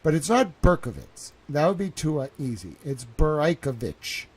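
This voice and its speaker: Young male streamer talking from home, rambling and worked up, a touch high-pitched. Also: fairly quick, husky. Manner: excitable, repeats himself, says "bro" and "like" a lot. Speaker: live streamer. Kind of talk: rambling live stream monologue.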